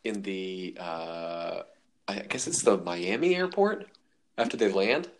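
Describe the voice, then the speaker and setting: A young man hosting a casual podcast chat, animated and quick to laugh loudly. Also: low-pitched. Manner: animated, laughs loudly, says "dude" a lot.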